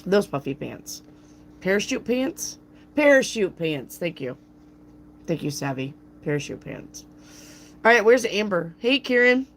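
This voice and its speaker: Woman w a gruff raspy voice doing a live tarot stream, lowish and slow, chatty w the chat. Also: very animated, a little hiss or hum. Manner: chatty and playful, addresses viewers by name. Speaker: tarot reader, channel host.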